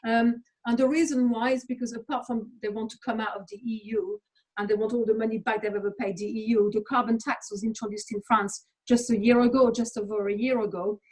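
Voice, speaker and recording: An Englishwoman speaks in a casual interview. Her voice is husky and a little high, and she is blunt, emphatic and quick to swear. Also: fairly even intonation, darkish tone, low-quality recording. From England. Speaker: interview guest. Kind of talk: casual conversational rant.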